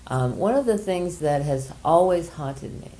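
Guiding a workshop group, an older woman with a low-sitting voice and lively intonation walks through an exercise and shares something personal. Her delivery is gentle and halting, full of pauses.

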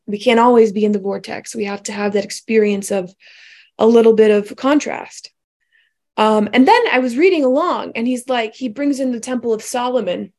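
A woman's voice: on the high side, moderate pace, darkish tone. A woman giving a reflective spiritual talk, musing aloud with many restarts and asides. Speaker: spiritual speaker.

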